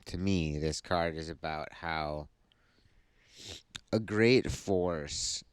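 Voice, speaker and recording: A sleepy man talks through a tarot reading in a very low, smooth voice. He takes his time, pausing often as he works out what each card means. The sound is dry and close. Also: no room sound. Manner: slow, thoughtful explaining. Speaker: tarot reader.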